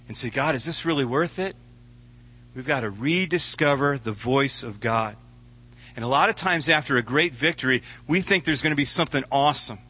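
A man's voice: mid-range voice, pushed and bright, husky. Earnest man preaching a sermon. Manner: earnest, conversational preaching with repeated words. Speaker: pastor.

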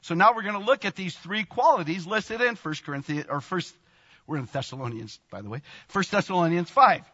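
Excitable sixty-year-old preacher, echoing hall. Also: male voice, high voice, fairly quick. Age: 60s. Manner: animated, laughing often, exclamatory bursts. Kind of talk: sermon. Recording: long reverb, dull lo-fi sound.

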